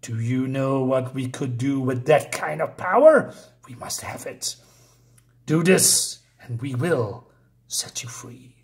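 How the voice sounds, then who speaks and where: A man voicing sinister, commanding spirit masters in a hushed, menacing whisper while reading a comic aloud. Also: mid-range voice, unhurried, few pauses, husky.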